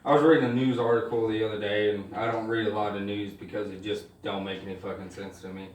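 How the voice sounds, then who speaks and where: A man telling stand-up stories in an animated, swearing style, acting out the people in them. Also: lowish voice, fast, reverberant, distant mic. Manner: animated, swears freely, acts out voices. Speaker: stand-up comedian. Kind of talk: stand-up storytelling.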